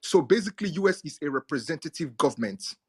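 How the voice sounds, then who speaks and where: Husky man lecturing on politics. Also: on the high side, animated, fast, a bit bright. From Nigeria. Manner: lecturing, emphatic, repeats key words. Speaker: speaker in a live audio chat room. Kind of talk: explanatory political talk. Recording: audio chat stream.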